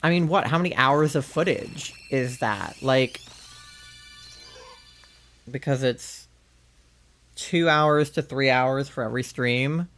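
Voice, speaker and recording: Gravelly young man chatting on stream. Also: medium pitch, slow pace, pauses often, a bit bright, faint music behind. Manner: chatty, rambling, many fillers. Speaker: livestreamer. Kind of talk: casual chat while gaming. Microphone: headset.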